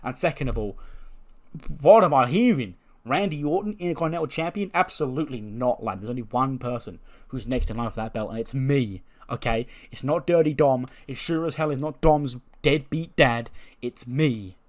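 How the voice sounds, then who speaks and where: Man doing a brash heel, loud and mocking. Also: medium pitch, normal speed, close to an everyday voice. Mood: indignant. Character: brash cocky male wrestler talk-show heel.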